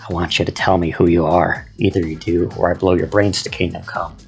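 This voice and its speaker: A man's voice: low voice, flat delivery, a little fast, vocal fry, soft background music. A man voicing a suspicious, gun-toting rural man with a Texan drawl, speaking in threatening folksy talk. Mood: menacing.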